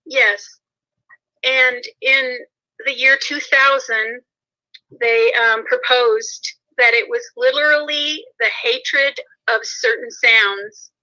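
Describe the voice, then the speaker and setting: A woman calling in as a guest, talking hesitantly with many pauses and restarts. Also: a little high, steady tone, pushed and bright, highs cut off. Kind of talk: phone-in guest chat. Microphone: phone.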